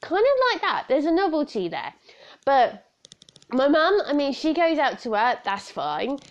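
A woman's voice: high-pitched, very animated, unhurried. A British woman in her thirties hosting a solo podcast, chatty and rambling, often breaking into laughter. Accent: British English. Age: 30s. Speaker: podcast host. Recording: slightly dull lo-fi sound.

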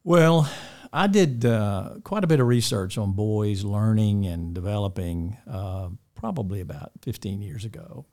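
An older man who serves as a school dean chats in a casual interview, his fairly low voice expressive and unhurried, with hardly any pauses. He rambles warmly, restarting often and chuckling fondly.

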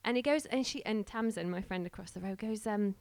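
A woman's voice: mid-range voice, a little fast, no echo. A woman who is starting a church tells a casual, laughing story and acts out the voices of the people in it. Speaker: church planter sharing a story.

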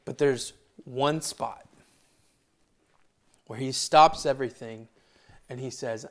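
A man's voice: mid-range voice, fairly even intonation, takes it slowly, long pauses, a bit bright. A middle-aged man preaching a sermon in a loose, conversational way with rambling asides. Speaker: pastor.

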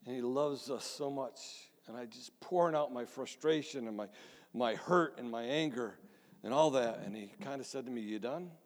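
A man's voice: medium pitch, moderate pace. Pastor telling his story in a reverberant hall. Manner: conversational, self-deprecating storytelling with restarts. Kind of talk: sermon testimony.

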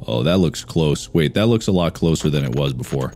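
A man's voice: extremely low pitch, animated, a little fast, creaky, few pauses, dark tone, soft background music. A man hosting a horror game let's play, talking to himself, jumpy and reacting with frantic repeats and swearing. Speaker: gaming channel host.

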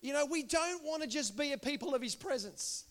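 A man's voice: very high voice, lively intonation, a little fast. A man preaching a sermon to a congregation, earnest and repetitive, building to impassioned calls. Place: church.

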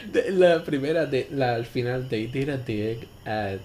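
A man's voice: medium pitch, expressive, a little slow, darkish tone. Man rambling in mixed English and Spanish. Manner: code-switches English and Spanish, rambling plot recaps. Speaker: podcast co-host. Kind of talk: casual chat. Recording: faint background noise.

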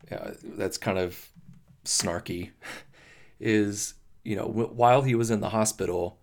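Slow gravelly-voiced man. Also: fairly low pitch, a little mellow. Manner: halting, emotional, swears often, many restarts. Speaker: podcast host. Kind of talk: personal reflective monologue.

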